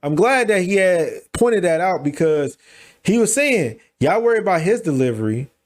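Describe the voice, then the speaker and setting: A high-voiced man hosts a reaction video and talks through a clip in casual, slangy commentary. He quickly agrees with the point and repeats it in his own words. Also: big pitch swings. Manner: fast, agreeing, restating the guest's point with slang. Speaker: reaction channel host.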